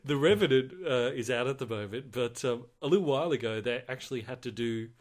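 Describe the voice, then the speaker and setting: A man's voice: mid-range voice, fast. A young man co-hosting a movie podcast in casual chat, telling stories in a chatty way with frequent giggles. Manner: chatty, giggly, animated storytelling. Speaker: podcast co-host.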